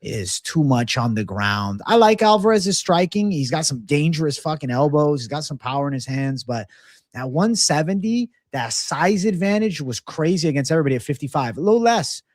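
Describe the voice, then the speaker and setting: A man's voice: a little high, lively intonation, moderate pace, no room sound. Blunt, cursing man in a dry room. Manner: profane, blunt, reads out betting odds. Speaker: co-host of a fight betting show. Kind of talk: casual podcast chat, fight predictions.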